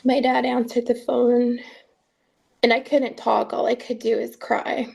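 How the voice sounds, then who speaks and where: Woman, documentary interviewee, gravelly voice, fairly high pitch, earnest halting retelling. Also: level tone, darkish tone. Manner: earnest, halting first-person retelling with restarts. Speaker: interviewee, mother recounting events. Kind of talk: documentary testimony.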